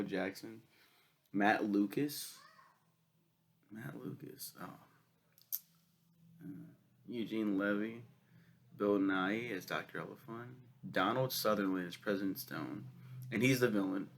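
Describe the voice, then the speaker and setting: Sick young man, low gravelly voice, profane, rambling, casual film review. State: sick with a cough.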